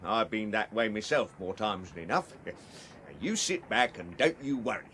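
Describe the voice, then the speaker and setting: A man's voice: lowish voice, animated, moderate pace, fairly bright tone. An actor playing a cheerful, gossipy Victorian cab driver in a radio drama, chuckling to himself as he talks. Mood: jovial. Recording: faint background noise.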